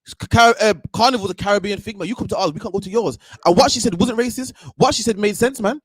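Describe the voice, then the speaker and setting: A man hosting a talk show, ranting in a heated, animated way and tagging sentences with "man". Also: high-pitched, fast, husky, no echo, studio quality. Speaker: podcast host. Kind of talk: ranting casual commentary.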